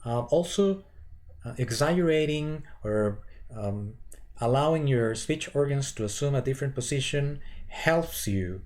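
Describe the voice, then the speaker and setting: A man teaching voice warm-up exercises in a halting way, with many fillers and restarts, sometimes counting aloud. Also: medium pitch, animated. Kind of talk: instructional lecture with vocal demonstrations.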